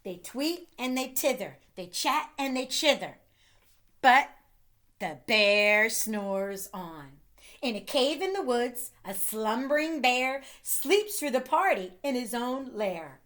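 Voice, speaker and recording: A woman's voice: sits high, lively intonation, fairly bright tone. A woman reading a picture book aloud to children, playful and chatty between pages. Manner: playful, pausing to chat and laugh with young listeners.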